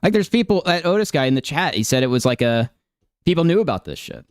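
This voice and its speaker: Smooth-voiced man doing stream commentary. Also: a little high, big pitch swings, fast, no echo, clean studio sound. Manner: incredulous, hedging, many fillers. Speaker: stream host reacting to clips. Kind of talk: casual reaction commentary.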